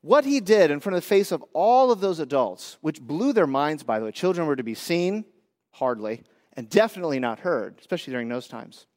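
A man with a fairly high voice preaches to his congregation, shifting from quiet prayer into teasing, animated storytelling. His voice rings with the long reverb of a large church hall. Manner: playful, teasing, animated when joking, hushed in prayer. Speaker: pastor. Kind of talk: sermon with live demonstration.

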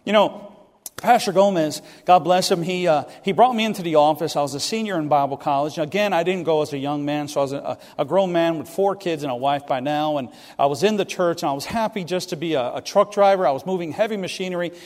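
A middle-aged man preaches in a bright, high voice, telling self-deprecating stories with lively energy. He jumps into other people's lines as he tells them. His voice rings with the long reverb of a large church hall. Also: fast talker. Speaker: pastor. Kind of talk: sermon storytelling. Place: church sanctuary.

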